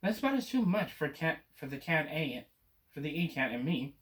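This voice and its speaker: A man's voice: fairly high pitch, sing-song, normal speed, fairly bright tone. A man reading aloud and voicing an eager, bustling tiny male cat.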